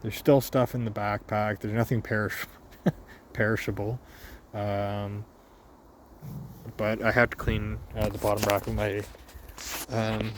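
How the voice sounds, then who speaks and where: Man, mid pitch, slow and halting delivery, personal journal vlog, faint background noise. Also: level tone. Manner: halting, slow, emotional storytelling with many restarts. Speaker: vlogger. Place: outdoors with his dog.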